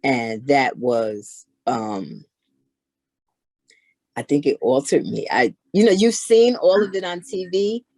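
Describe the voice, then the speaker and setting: A middle-aged woman chatting casually as an interview guest, telling animated stories. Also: extremely low pitch, slow pace, no echo. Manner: animated, acts out others in her stories. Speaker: guest, knitwear maker. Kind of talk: casual storytelling chat.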